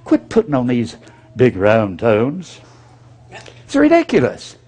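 A man's voice: mid-range voice, huge pitch swings, slow pace, darkish tone, slightly rough. Blunt folksy preacher man. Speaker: pastor. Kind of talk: sermon.

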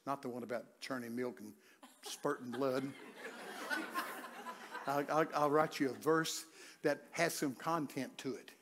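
An older man preaching a humorous sermon, telling folksy stories and breaking into loud shouts. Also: fairly high pitch. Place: church sanctuary.

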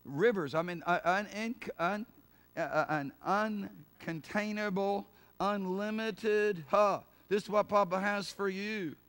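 Guy pastor preaching, kinda high voice, repeats himself a lot, throws in hallelujahs. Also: measured pace, clean tone. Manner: preaching, rising to loud fervent cries of prayer; repeats points and says hallelujah with a laugh. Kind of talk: sermon.

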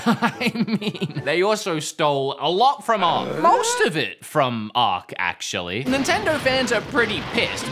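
Brief: young Australian man, comedic host, lively sarcastic delivery, soft music bed. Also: a little high. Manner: sarcastic, jokey rants. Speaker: gaming YouTube host. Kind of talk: comedic video commentary.

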